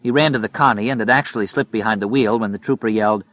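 A man with a low voice narrating a story in a steady, measured way. The recording is close and dry, and its sound is dull and lo-fi. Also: dry recording. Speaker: audiobook narrator. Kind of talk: scripted narration.

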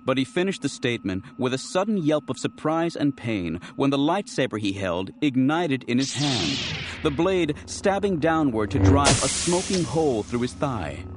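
Man reading an audiobook with lively, expressive delivery. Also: medium pitch, moderate pace, music in the background. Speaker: audiobook narrator. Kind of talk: scripted narration.

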